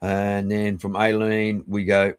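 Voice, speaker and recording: An Australian man hosting a live stream, giving rambling, chummy shout-outs to viewers and swearing casually. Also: fairly low pitch, level tone, takes it slowly, clean tone, no echo. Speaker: livestream host.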